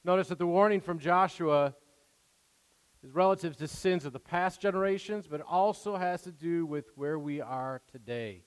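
Preacher with a high-ish voice in a reverberant hall. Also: male voice, moderate pace, clean tone. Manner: earnest, conversational preaching with restarts and acted-out quotes. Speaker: pastor. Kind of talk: sermon.

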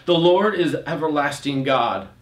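A man's voice: fairly high pitch, measured pace, reverberant. A man preaching a sermon. He reads scripture aloud, comments on it, and rises on his rhetorical questions. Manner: frequent restarts while explaining.

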